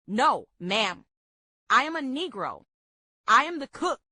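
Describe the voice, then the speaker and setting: A woman reading aloud voices a blunt, motherly cook with a Southern accent, drawling slowly. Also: high-pitched, sing-song, sharp tone, dry recording, clean studio sound, heavily acted. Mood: amused. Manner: slow, drawling and earthy.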